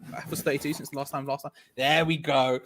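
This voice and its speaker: A man's voice: medium pitch, little pitch movement, quick pace, noisy background. A man hosting a football watch-along, joking and chatting casually. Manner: joking, playful, talks over others. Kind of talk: casual chat.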